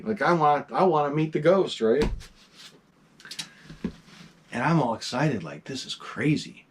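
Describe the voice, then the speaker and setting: A middle-aged man casually telling a ghost story to his vlog audience, animated and swearing freely. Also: mid-range voice, takes it slowly, long pauses, a little hiss or hum. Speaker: vlog host.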